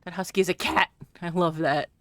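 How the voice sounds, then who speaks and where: A woman's voice: lowish voice, fairly even intonation, a little fast, no room sound. A woman streaming a game live, chatting casually, laughing and reading in-game text aloud.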